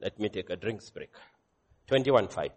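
A man preaching a sermon, animated, swinging between loud exclamations and quiet asides, joking with the congregation. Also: fairly low pitch, moderate pace, husky. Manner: jokes with the congregation, calls on children by name. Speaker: pastor.

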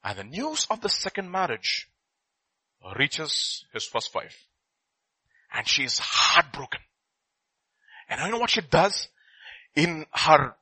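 Middle-aged preacher guy telling a story, bright tone, bit high, goes loud then quiet. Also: husky, dry recording, poor audio. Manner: animated, swings between loud and hushed. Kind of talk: sermon storytelling.

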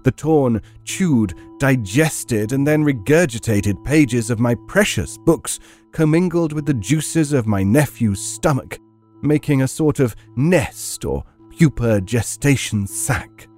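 A man's voice: mid-range voice, animated, slow, darkish tone, faint music behind. A man giving vivid, theatrical first-person horror narration. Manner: vivid, theatrical storytelling with heated outbursts.

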